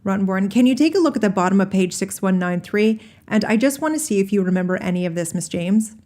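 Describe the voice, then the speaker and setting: A woman reading a deposition transcript aloud, naming each speaker before their lines in a plain, measured way. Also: medium pitch, animated, warm tone. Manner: announces speaker names before each quoted answer. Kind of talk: solo reading of transcript, all parts.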